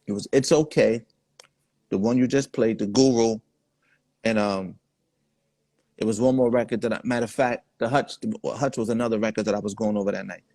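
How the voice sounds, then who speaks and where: A man's voice: lowish voice, fairly even intonation, a little fast, pauses often, dark tone, no echo. A man, the guest in a casual interview, telling laid-back stories full of quoted dialogue. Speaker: guest artist.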